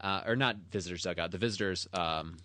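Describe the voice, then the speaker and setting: A man's voice: low voice, a little fast, bright, forceful tone, slight background noise. A man co-hosting a sports podcast, chatting casually and telling stories with enthusiasm and easy laughter. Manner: enthusiastic storyteller, laughs easily. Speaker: podcast co-host. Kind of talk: casual chat.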